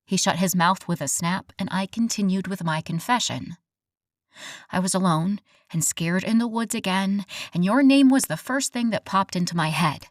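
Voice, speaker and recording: Brief: female audiobook narrator, mid-pitch, dry studio sound, expressive first-person read. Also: moderate pace, no echo.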